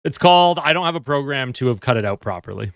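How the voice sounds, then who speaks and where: A man's voice: mid-range voice, lively intonation, fast talker, creaky, dry recording, clean studio sound. A man hosting a casual live fan stream, chatting and answering viewer comments while sleepy and yawning at home. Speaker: livestream host.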